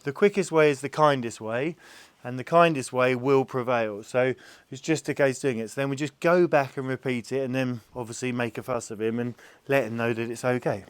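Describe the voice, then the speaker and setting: A calm, gentle man explaining how he gets a nervous horse used to having its legs touched, talking patiently as he works. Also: medium pitch, normal speed, a little hiss or hum. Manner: calm, gentle, patient, soothing the animal softly. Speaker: farm animal carer. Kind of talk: explaining while handling a horse.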